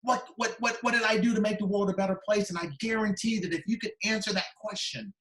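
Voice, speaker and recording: Male keynote speaker, slightly raised pitch, emotional storytelling, echoey room. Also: steady tone, quick pace. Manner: storytelling, quoting others, voice dropping soft in tender moments. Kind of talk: emotional motivational speech. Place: conference video call.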